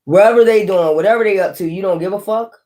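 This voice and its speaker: A woman's voice: mid-range voice, quick pace, mellow. A woman giving a tarot reading in a blunt, profane manner, laughing often and talking straight to the listener. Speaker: tarot reader.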